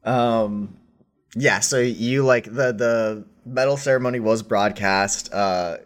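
A man narrating as game master for a tabletop role-play, halting and full of fillers. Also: on the low side. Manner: slow, halting, many fillers.

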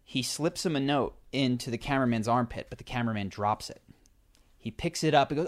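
A man with a middle-pitched voice telling a story in relaxed conversation. He talks animatedly, stumbling and restarting as he goes, with plenty of fillers. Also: fairly quick. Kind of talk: casual storytelling chat.

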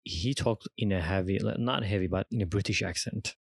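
Deep-voiced man from Turkey, halting chat. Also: creaky, slightly rough, no room sound. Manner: relaxed, halting, with many fillers and restarts. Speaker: podcast co-host. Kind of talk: casual chat.

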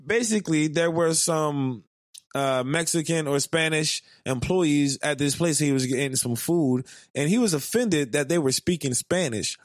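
A man's voice: a little high, dry recording. Profane laughing man, dry close sound. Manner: profane, laughs a lot, fast bursts. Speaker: podcast co-host. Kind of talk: casual chat.

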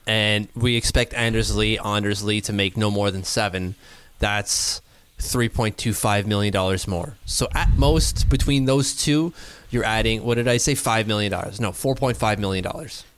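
A man's voice: fairly low pitch, fairly bright tone, a little hiss or hum. Rambling man in casual sports chat. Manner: rambling, doing quick mental math aloud.

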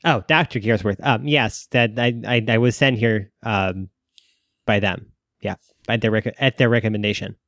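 A man's voice: lowish voice, fairly even intonation, moderate pace, a bit bright, no echo, clean studio sound. Casual man playing a tabletop game. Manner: casual, filler-heavy. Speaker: player.

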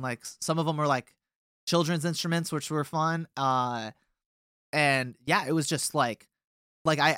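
A man's voice: mid-range voice, bright, forceful tone, clean tone, dry recording, studio quality. A young man in a band chatting casually as a guest, rambling through a story with lots of filler words. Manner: rambling, many fillers and restarts. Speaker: touring band member, guest.

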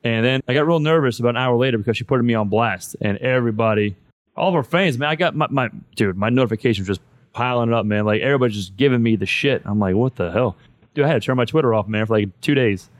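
A man's voice: medium pitch, fast, no room sound. A man hosting a podcast in casual chat, loose and profane, saying "man" all the time. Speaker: podcast host.

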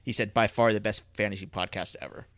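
A man co-hosting a podcast in casual chat, easygoing and halting, with many fillers. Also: lowish voice, fairly even intonation, a bit bright, no room sound. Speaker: podcast co-host.

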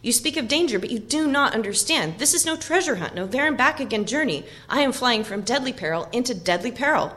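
An anxious young hobbit hero speaks with rising feeling, his lines lifted and exclaimed, as a woman reading the book aloud puts him on. The delivery swings widely in pitch. It sounds like a storybook read at home. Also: expressive, fairly quick, hardly any pauses, a bit bright. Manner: emotional, exclaiming reading of dialogue.

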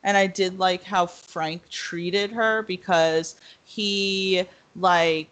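A woman's voice: fairly low pitch, steady tone, very slow, a bit bright. A young woman in casual chat, rambling with lots of fillers and acting out quotes. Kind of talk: casual podcast discussion.

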